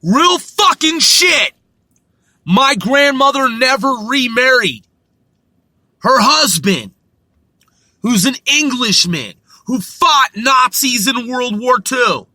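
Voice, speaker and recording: Profane ranting man, bright tense voice, dry close sound, slow delivery. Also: very high voice, very animated, no room sound. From United States. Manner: profane, combative, shouting bursts. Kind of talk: ranting monologue to camera.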